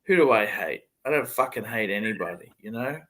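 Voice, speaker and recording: Male livestream host, blunt and profane, bright tense tone. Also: on the low side, expressive, brisk. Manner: blunt, swears a lot. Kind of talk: casual chat.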